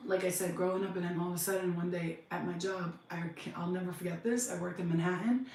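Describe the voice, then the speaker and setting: A woman, telling her life story on a podcast, blunt and animated, acting out other people's voices. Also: on the low side, distant mic. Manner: blunt, animated, swears freely, acts out voices. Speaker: podcast host. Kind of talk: casual storytelling monologue. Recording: echoey room, voice off-mic.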